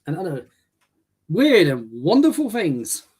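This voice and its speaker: A man's voice: sits high, huge pitch swings, unhurried, a little mellow, breathy edge. A man hosting a podcast, chatting casually, laughing often and reading out comments from the chat. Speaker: podcast host.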